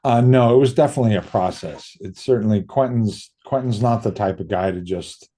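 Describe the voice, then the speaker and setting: Brief: middle-aged man, low mellow voice, casual interview guest spinning anecdotes and mimicking the people in them. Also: fairly quick. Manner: lively storyteller who acts out quoted voices, casual swearing. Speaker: interview guest, makeup effects artist.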